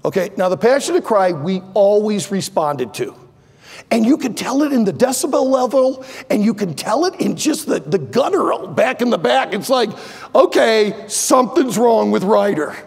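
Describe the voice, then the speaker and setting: Older male pastor, high lively voice, preaching in a big echoing sanctuary. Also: normal speed, vocal fry, husky. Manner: impassioned, swings from loud pleading to low asides. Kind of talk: sermon. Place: large church sanctuary.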